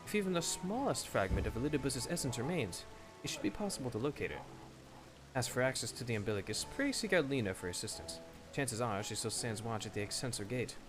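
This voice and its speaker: Man reading formal old-fashioned game character, archaic phrasing, plain voice, lively intonation. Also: mid-range voice, pitched above the performer's own voice, natural voice. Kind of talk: reading game dialogue aloud.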